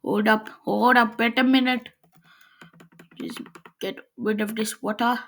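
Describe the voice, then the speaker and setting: A woman's voice: on the high side, steady tone, unhurried, fairly bright tone, a little hiss or hum. A woman giving casual gameplay commentary, chatting to herself while she builds. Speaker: gameplay video maker.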